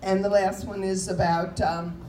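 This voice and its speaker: A woman's voice: mid-range voice, flat delivery, a little slow, mellow. A woman comedian doing a chatty stand-up set, telling stories and mimicking voices and subway announcements. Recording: echoey room with faint noise.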